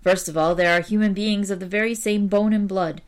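A woman's voice: mid-range voice, steady tone, brisk, natural voice. A woman reading the part of a reflective man who ends his tale with a moral. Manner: thoughtful, moralizing. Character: reflective older man telling a story. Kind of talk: audiobook reading.

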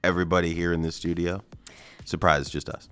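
A man's voice: low voice, level tone, fast talker, fairly bright tone, clean tone, soft background music. A man co-hosting a radio show in a studio, rambling and joking in casual banter. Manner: rambling, joking, self-deprecating.

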